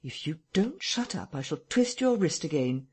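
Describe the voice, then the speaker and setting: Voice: mid-range voice, sing-song, normal speed, breathy edge. Reader as menacing invisible man, curt, cold threats, storybook narration. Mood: threatening.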